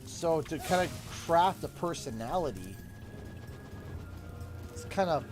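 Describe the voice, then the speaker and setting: A man's voice: a little high, slow pace, music in the background. A young man casually chatting on a gaming livestream, reading out donations and laughing often. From Canada. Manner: animated, laughs a lot, reads donations aloud. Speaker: livestream host.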